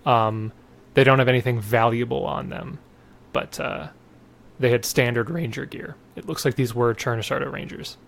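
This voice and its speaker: A man narrating as game master in a casual, halting way, full of fillers and restarts. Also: medium pitch, steady tone, gravelly, a bit bright.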